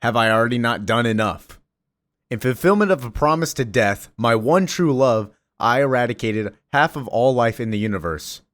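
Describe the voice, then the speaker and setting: A man's voice: mid-range voice, animated, normal speed, a bit bright, dry recording, close to an everyday voice. Boastful cosmic tyrant, guy reading him slangy and offhand, dry close sound. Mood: menacing. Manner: casual, slangy threats.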